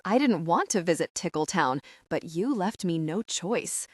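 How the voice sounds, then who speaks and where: A gruff young man with a teasing, lively delivery, as a woman narrator reads him. His voice sits low for a woman and moves widely in pitch. The sound is close and dry. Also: a little slow, no echo.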